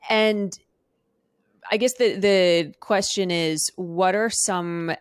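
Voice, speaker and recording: Woman podcast host, fairly low voice, dry close sound, encouraging and rambling. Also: steady tone, takes it slowly, clean tone, dry recording. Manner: warmly encouraging, rambling questions. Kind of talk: casual interview conversation.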